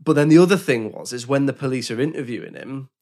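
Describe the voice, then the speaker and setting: A man's voice: medium pitch, fast talker, a little mellow. A man, co-hosting a casual film discussion, thoughtful and hesitant, often qualifying what he says. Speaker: podcast co-host.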